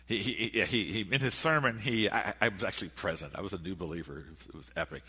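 Male preacher, sermon, bright lively voice kinda husky, echoey church hall. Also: low-pitched, fast. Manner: animated, storytelling, stammers on restarts.

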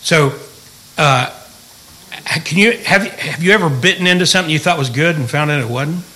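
A man's voice: fairly high pitch, normal speed, bright, forceful tone, poor audio. A middle-aged man, a pastor, teaching the Bible in a folksy, joking way and asking the room questions.

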